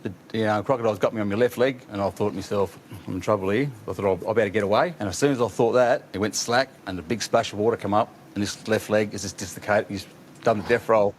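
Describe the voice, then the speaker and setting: A man's voice: on the low side, fairly even intonation, quick pace, a little hiss or hum. A man with an Australian accent recounting a survival story in plain, matter-of-fact slang. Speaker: crocodile attack survivor in a played clip. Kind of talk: telling a true story on camera.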